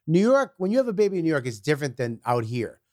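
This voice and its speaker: A man who is a comedian guest telling stories in a profane, animated way, acting out quotes. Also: a little high, fast, dry recording, studio quality. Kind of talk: casual storytelling.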